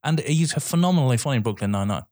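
A man co-hosting a podcast in casual chat. He is excitable and swears, and he keeps calling his co-host "mate". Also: mid-range voice, very fast.

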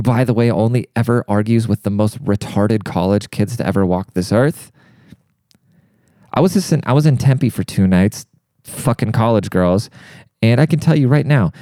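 A man's voice: mid-range voice, moderate pace, dark tone, no echo, studio quality. A young man telling a crude, rambling comedic rant, heavy on swearing and fired up. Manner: profane, rambling, fired-up, says dude a lot. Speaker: monologue speaker.

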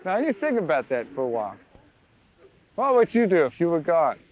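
A man preaching a sermon in an animated, playful way, with sound effects, in a lo-fi recording. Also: on the high side, fairly quick.

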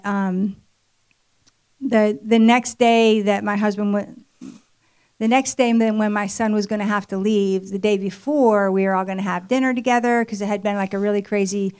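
A woman's voice: medium pitch, a little mellow, smooth. Woman sharing a church testimony. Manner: conversational storytelling with many fillers. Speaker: speaker at marriage ministry event. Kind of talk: personal testimony sermon. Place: church event hall.

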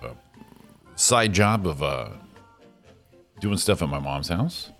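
Very deep joking man on a morning show. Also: expressive, slow pace, a bit bright, faint music behind. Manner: joking, laughs often, swears casually. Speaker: co-host. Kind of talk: casual morning show banter.

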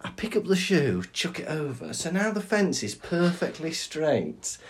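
A man co-hosting a podcast in casual chat, wry and jokey, quick with teasing rhymes. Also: a little high, sing-song, slight background noise. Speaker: podcast co-host.

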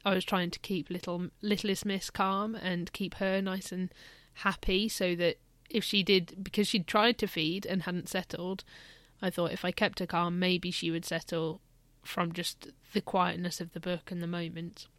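A woman's voice: lowish voice, flat delivery, moderate pace, a bit bright, no room sound. A woman and mother telling a candid, reflective personal story in a casual parenting vlog.

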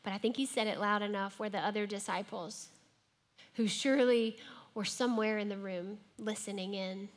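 Woman preaching, gentle sermon voice, goes soft and almost whispery. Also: medium pitch.

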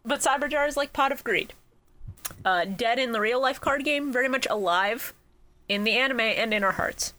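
Woman on a podcast, kinda high and super bright, laughs a lot. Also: normal speed. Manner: playful, laughs often, swears. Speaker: podcast co-host. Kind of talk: casual chat.

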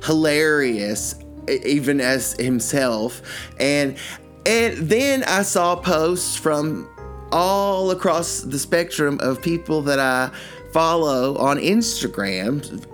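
An older man co-hosting a podcast, telling stories in a rambling, animated way with many restarts. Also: a little high, takes it slowly, soft background music. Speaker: podcast co-host. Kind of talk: casual chat.

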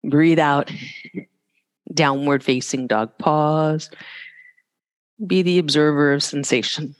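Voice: medium pitch, fairly even intonation, slow pace, long reverb tail. A yoga teacher cues poses and breathing during a live class, with casual, joking asides between the cues.

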